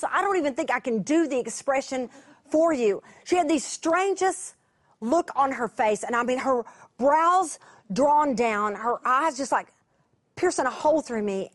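Chatty woman telling a story. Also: sits high. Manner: chatty, restarts often, laughs at herself; drops to a hushed voice at tender moments. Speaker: Bible teacher addressing broadcast viewers. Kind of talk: personal storytelling sermon.

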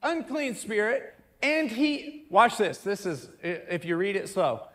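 A man with a high voice preaches a sermon, telling a homely family story before building into loud, emphatic passages as he reads scripture. His delivery climbs from chatty to near-shouting. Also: big pitch swings, measured pace, few pauses. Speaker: pastor.

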